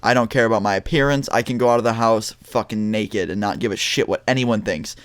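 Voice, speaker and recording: A man's voice: lowish voice, a little fast, no room sound. A young man vlogging, telling a story to his viewers in a blunt, casual way with lots of swearing and restarts.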